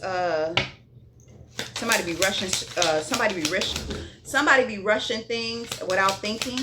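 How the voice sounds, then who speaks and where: A woman's voice: fairly low pitch, heavy background noise. A woman giving a casual tarot reading, blunt and profane, drifting into sing-song asides between card readings. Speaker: tarot reader.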